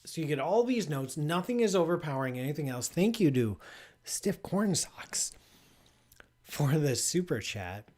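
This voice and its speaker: Here the astrophysicist hosting a live call-in space show talks a little fast with few pauses, his darkish voice animated and on the high side. It's a loose, casual live-stream chat with frequent "like" and restarts as he tastes food with playful enthusiasm.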